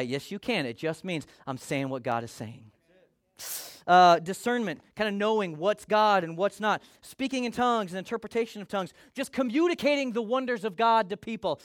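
A middle-aged man preaching a sermon as pastor, conversational and animated, acting out little quotes. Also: sits high, normal speed, no room sound, studio quality.

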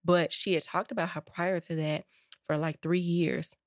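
A woman's voice: lowish voice, flat delivery, normal speed, dry recording, clean studio sound. A woman co-hosting a podcast, chatting casually and telling stories with quoted voices. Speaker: podcast co-host.

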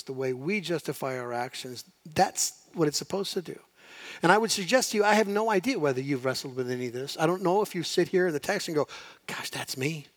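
A man preaching a sermon, reading scripture and acting out the speakers in it, swinging between loud emphasis and hushed asides. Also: mid-range voice. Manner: animated, voices God and Jonah, swings loud to hushed. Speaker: pastor.

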